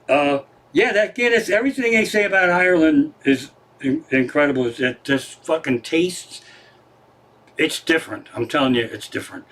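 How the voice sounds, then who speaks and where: A man from Pennsylvania tells a rambling, profane story on his home livestream. His voice sits a little high, and he gets excitable and animated as he swears his way through the retelling. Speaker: comedian hosting his livestream show. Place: home living room.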